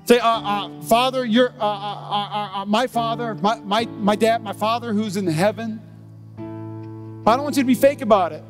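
A man's voice: high voice, normal speed, big-room sound, faint music behind. A male pastor preaching a sermon in a church, emphatic and pleading, peppering his talk with "man". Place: church sanctuary.

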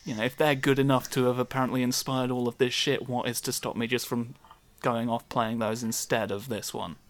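A man's voice: medium pitch, flat delivery, fairly quick. A man, co-hosting a casual podcast chat, rambling and self-deprecating with the odd swear. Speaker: podcast co-host.

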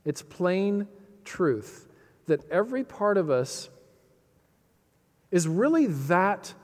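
A man preaching a sermon, emphatic and dramatic, lifting his voice on key phrases and sinking low and quiet for serious points. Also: big pitch swings. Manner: dramatic pauses, quotes lines with feeling. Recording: long hall reverb.

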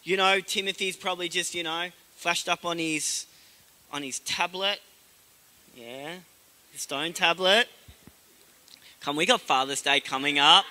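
A man preaching a sermon as a pastor, telling the story in a lively way and acting out the voices of the people in it. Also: on the high side, unhurried, long pauses, big-room sound.

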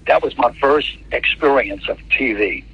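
A man's voice: mid-range voice, moderate pace, crowd noise. A man from New Orleans who works as a TV sportscaster tells a story in an interview, rambling and often restarting his words. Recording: dull lo-fi, dry.

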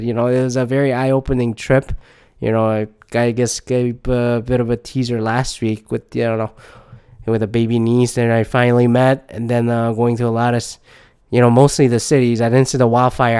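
A man hosting a casual solo podcast, rambling and swearing often, low on energy and under the weather. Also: a little mellow, clean tone. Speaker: podcast host.

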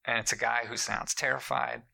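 A man casually telling a story to a friend, swearing a lot and acting out the people in it with sudden high, loud voices. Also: fairly quick, gravelly, low-quality recording. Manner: profane, animated, acts out quotes in jumped-up voices. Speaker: podcast co-host telling a story.

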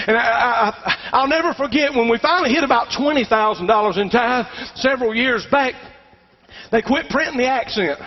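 A man's voice: extremely high pitch, fairly quick. A middle-aged man, preaching a sermon emphatically and calling out to the congregation for responses. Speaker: pastor. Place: church sanctuary. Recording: dull recording with long hall reverb.

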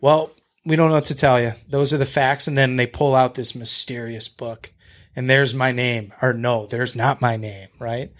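A man's voice: medium pitch, steady tone, normal speed, a bit bright. A man guest on a podcast, telling a story in casual chat, blunt and profane. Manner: blunt and profane, retelling a confrontation; talks to the host with fillers and restarts.

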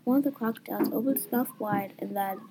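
A young woman reading a story aloud in a plain, even storytelling way. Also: on the high side, fast talker, background noise. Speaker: story reader.

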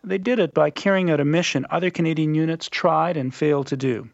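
A man reading scripted documentary narration in a measured, dramatic storytelling manner. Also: on the high side, vocal fry, no echo. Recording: muffled lo-fi radio recording.

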